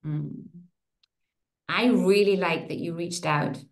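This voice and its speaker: A woman guiding a group through a slow tapping meditation, speaking soothing affirmations for listeners to repeat. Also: on the low side. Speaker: circle leader guiding tapping.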